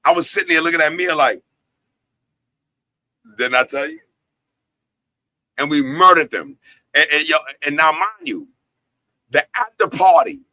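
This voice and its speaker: A man, hosting a livestream and telling stories in an animated, hyped way full of street slang. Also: on the high side, no room sound, clean studio sound. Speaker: host and label president. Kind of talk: casual livestream storytelling.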